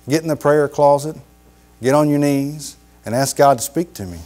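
A middle-aged man preaches in a folksy, emphatic style, with a voice pitched a little high. He repeats key phrases and drops his voice low to drive a point home. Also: big pitch swings, normal speed, a little mellow, soft background music. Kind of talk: sermon.

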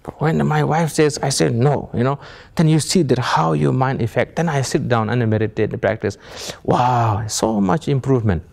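A man with a mid-range, gravelly, slightly mellow voice speaks at normal speed, offering an audience informal meditation teaching in plain non-native English. He asks rhetorical questions and chuckles while telling stories.

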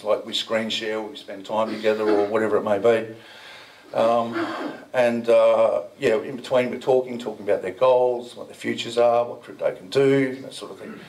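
A man's voice: medium pitch, darkish tone, recorded from a distance, rough recording. A man speaking at a conference, telling a story to the audience in a loose, chatty way with rambling asides and mild swearing. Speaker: conference speaker, crypto business founder. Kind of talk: casual storytelling talk to an audience. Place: indoor event venue.

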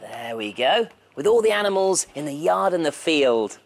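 A man's voice: on the high side, big pitch swings, moderate pace, vocal fry. A man presenting a children's TV show in a cheerful, inviting way. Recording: music playing behind.

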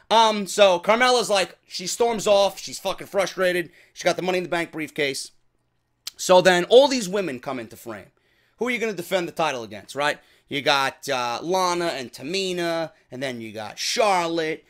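A man with a fairly high voice reviews a wrestling show in a loose, profane rant. He sounds exasperated and often mocks what he describes. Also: a bit bright. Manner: exasperated, profane, mocking impressions.

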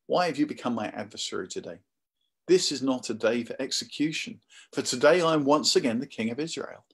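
Grave forgiving king, put on by a husky man. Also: medium pitch, lively intonation, a little fast. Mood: solemn.

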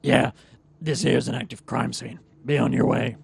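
A man voicing a gruff, streetwise male vampire fixer with a gravelly, sarcastic voice. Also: medium pitch, fairly even intonation, moderate pace, heavily acted. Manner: sarcastic, world-weary. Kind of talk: voicing a character in a game playthrough.

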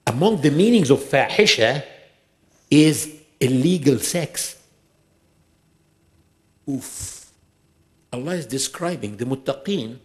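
An emphatic male preacher delivers a sermon in a mosque, his pitch pitched a little high and swinging widely from line to line. He drives points home with rhetorical questions and rushes through scripture recitations. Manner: emphatic, rhetorical questions, recites Quran verses quickly in Arabic.

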